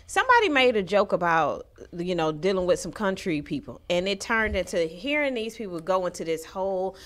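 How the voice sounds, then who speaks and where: A woman, a guest telling stories in casual chat, acting out quotes in an animated way. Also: lowish voice, fairly quick. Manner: animated, acts out quotes, laughs often.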